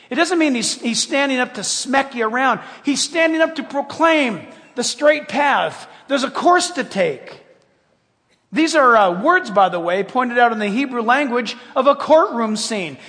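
High-voiced preacher man in echoing hall. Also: animated, normal speed. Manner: emphatic preaching, swinging between loud and hushed. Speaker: pastor. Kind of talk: sermon. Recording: long hall reverb.

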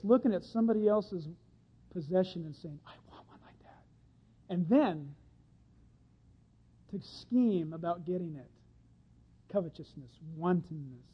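A man preaching a sermon in a folksy, animated way, acting out little voices of the people in his stories. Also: high voice. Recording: dull lo-fi sound.

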